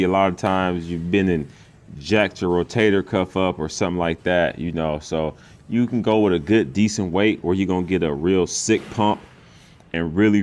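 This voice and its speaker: A man's voice: low-pitched, slight background noise. A man giving laid-back voice-over commentary on his own workout, repeating words and talking in loose, casual grammar. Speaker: fitness vlogger.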